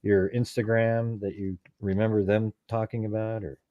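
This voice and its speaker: Low-voiced man asking probing questions. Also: little pitch movement, normal speed, phone-quality sound. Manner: probing, asks short follow-up questions. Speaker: interviewer. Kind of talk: phone interview.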